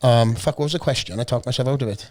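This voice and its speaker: A Welsh man in his forties, a bit hoarse from a cold, chatting as a podcast guest and telling stories full of swearing and jokes. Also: medium pitch, fast, a crowd in the background. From South Wales. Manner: swearing, storytelling, joking. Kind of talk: casual chat. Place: podcast studio.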